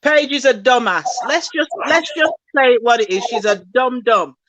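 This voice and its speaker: A woman's voice: fairly high pitch, moderate pace, fairly bright tone, lo-fi sound. A woman co-hosting a casual reality TV recap, blunt and outspoken in her opinions. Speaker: co-host.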